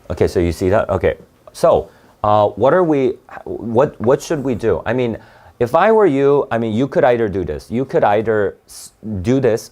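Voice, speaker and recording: A man's voice: on the low side, warm tone. Man tutoring reading. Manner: thinks aloud, restarts, frequent "right?". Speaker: test prep tutor. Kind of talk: online reading lesson.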